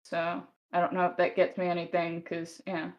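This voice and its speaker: A woman's voice: lowish voice, monotone, moderate pace, dull audio. A woman chatting casually as a player in a tabletop game.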